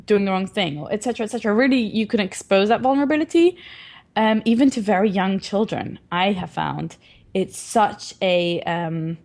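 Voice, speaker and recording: A woman's voice: medium pitch, normal speed, creaky, a little mellow. A woman in her thirties, a parenting advocate, talking earnestly and reflectively in a casual interview. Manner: earnest, reflective, laughs often.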